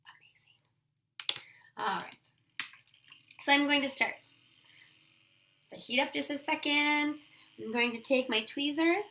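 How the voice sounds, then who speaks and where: A chatty, upbeat woman walks through a nail wrap tutorial, talking as she works. Her voice sits high. It has a bright, forward ring. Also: a little slow, pauses often, slight background noise. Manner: chatty, upbeat, thinks aloud while working. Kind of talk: casual how-to demonstration.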